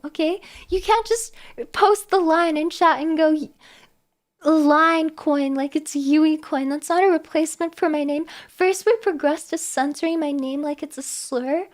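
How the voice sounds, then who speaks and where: A woman live streamer chatting casually with her viewers, animated and exclamatory with a mock-exasperated edge. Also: high-pitched.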